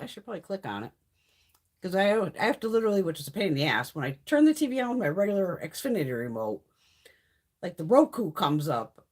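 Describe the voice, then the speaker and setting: A woman hosting a beauty livestream from home, chatting casually in a blunt, profane way while sick. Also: medium pitch. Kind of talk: casual live-stream chat.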